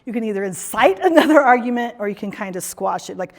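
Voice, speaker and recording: A woman's voice: medium pitch, a little fast. A woman corporate trainer giving a live workshop talk, telling stories and asking the audience questions. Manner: storytelling, chatty, asks the audience questions. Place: conference room or hall. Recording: speech in a hall with long reverb.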